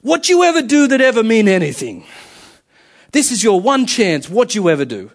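A man voicing a stern male dance director with a New York accent, shouting at a dancer. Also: high-pitched, wildly swooping pitch, normal speed, voice pushed up, heavily acted. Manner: harsh, confrontational.

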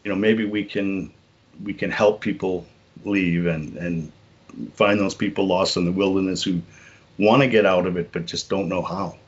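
Deep husky man, earnest halting storyteller. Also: steady tone, lo-fi sound. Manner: earnest, halting, repeats words, many "you know" fillers. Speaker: podcast guest. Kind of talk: reflective personal storytelling.

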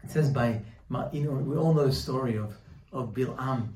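A man giving a Torah lesson, telling a story with lively quoted voices. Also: medium pitch, moderate pace, roomy sound, recorded from a distance, a little hiss or hum, low-quality recording. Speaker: Torah teacher. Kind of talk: sermon with storytelling.

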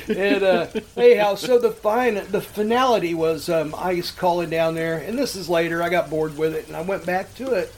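A man's voice: high voice, normal speed, slight background noise. A man co-hosting a casual talk show, telling crude prank-call stories and acting out the people in them. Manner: crude, animated, acts out the people in his stories. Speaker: podcast co-host. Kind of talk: casual chat, storytelling.

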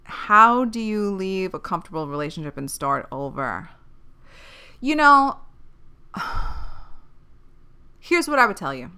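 A woman's voice: mid-range voice, sing-song, unhurried, pauses often, pushed and bright, clear, resonant tone. A young woman hosting a podcast, talking casually and candidly like a big sister, rambling, correcting herself and swearing freely. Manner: chatty, rambling, self-correcting. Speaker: podcast host. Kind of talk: casual advice chat.

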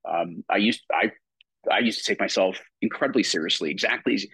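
Male coach, reflective, husky low voice, dry close sound, laughs easily. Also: a little fast, a bit bright, dry recording, rough recording. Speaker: guest, personal coach. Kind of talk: conversational interview.

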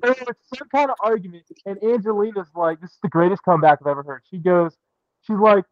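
A young man co-hosting a casual podcast, telling stories in a jokey, animated way. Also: sits high, quick pace, no room sound. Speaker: podcast co-host. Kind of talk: casual chat. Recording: dull, lo-fi dry sound.

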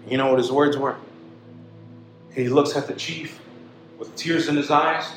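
A man preaching a sermon, telling a story dramatically and swinging from loud to hushed. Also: mid-range voice, fairly even intonation, normal speed, pauses often, heavy reverb, faint music behind, low-quality recording.

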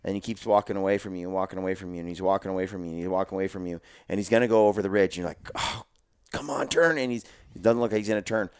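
Low-voiced man telling hunting stories. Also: very fast, smooth, no room sound, studio quality. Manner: animated storyteller who acts out voices. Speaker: podcast co-host. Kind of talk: casual podcast chat.

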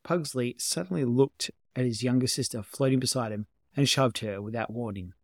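A man narrating a story in a calm, even manner, his pitch sitting in the middle. The sound is dry and close with no room around it. It feels like an amateur reading at home. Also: normal speed, no room sound. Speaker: amateur reader. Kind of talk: audiobook narration of fan fiction.

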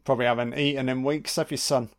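A man's voice: mid-range voice, fairly even intonation, quick pace. A man giving casual, sweary commentary on a film, talking back to the characters on screen. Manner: sweary, mocking asides to the screen.

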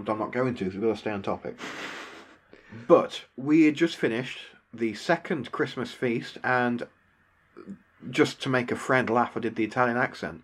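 A man's voice: medium pitch, a bit bright. A man with an English accent, co-hosting a podcast in casual, rambling chat with a self-deprecating streak. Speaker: podcast co-host.

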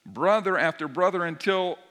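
A man, a pastor giving a sermon in a relaxed, conversational storytelling way. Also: normal speed. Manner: conversational storytelling, varied pitch.

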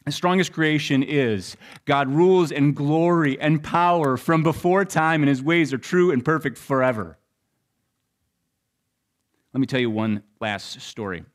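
A man's voice: a little high, unhurried. Man preaching a storytelling sermon. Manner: storytelling, swings between loud and hushed. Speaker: pastor.

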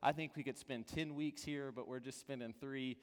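A man preaching a sermon as a pastor, earnest and pleading, dropping from loud to hushed. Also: medium pitch, steady tone, moderate pace, in a large hall.

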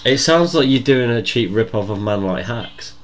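A man's voice: mid-range voice, lively intonation, normal speed. Blunt young man in casual banter. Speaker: podcast co-host. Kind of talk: casual chat.

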